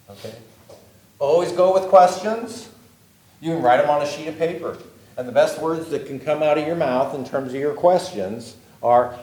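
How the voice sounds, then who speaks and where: A man's voice: a little high, expressive, normal speed, darkish tone. A man giving a workshop talk on job interviews to a live audience, speaking conversationally and often checking in with "okay?". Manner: conversational, repetitive, lots of "okay?" check-ins. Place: meeting room with an audience. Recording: echoey meeting room.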